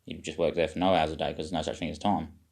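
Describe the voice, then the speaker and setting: Deep-voiced rambling man. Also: flat delivery, fast talker, creaky, darkish tone. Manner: meandering, self-questioning, occasional swearing. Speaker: vlogger. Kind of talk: rambling spiritual monologue.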